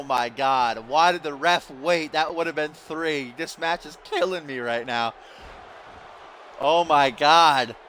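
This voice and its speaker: A young man doing excited, exasperated play-by-play commentary while playing a wrestling video game, laughing at the mistakes. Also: mid-range voice, a little hiss or hum. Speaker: gaming YouTuber.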